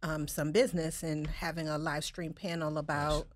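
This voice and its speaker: A woman co-hosting a talk show asks probing questions and chats in a relaxed, engaged way. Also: low voice, normal speed, slight background noise. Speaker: co-host. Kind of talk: casual discussion.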